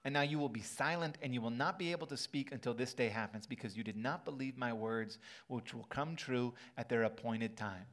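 A pastor putting on the booming archangel Gabriel. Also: male voice, a little fast, few pauses, lightly acted. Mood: solemn. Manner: loud, grave proclamation. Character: booming male archangel, solemn and commanding. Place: church sanctuary.

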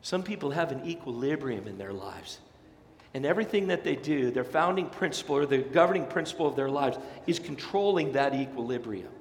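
A man's voice: mid-range voice, a little fast, a little hiss or hum. A male pastor preaching a sermon with energy, acting out the voices of people in his congregation. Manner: animated, acts out voices of listeners; energetic, fired up. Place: large church sanctuary. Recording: echoey sanctuary with long reverb.

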